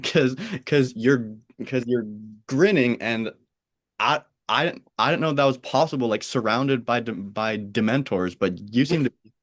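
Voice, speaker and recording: American male podcast host, flat accent, halting, restarts often, laughs easily. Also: mid-range voice. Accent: General American. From United States (Pennsylvania, Oregon). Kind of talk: casual chat.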